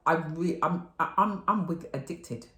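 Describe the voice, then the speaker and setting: A middle-aged woman telling rambling, animated stories in a chatty haul video, swearing and laughing freely. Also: deep voice, unhurried. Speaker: vlogger. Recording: roomy echo.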